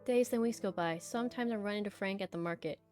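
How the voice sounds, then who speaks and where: A woman streamer reads a visual novel aloud. Her middle-pitched voice moves from steady narration into blunt, animated asides, with soft game music running faintly underneath. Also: quick pace. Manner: animated, blunt outbursts between calm reading. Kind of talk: reading a visual novel aloud with live reactions.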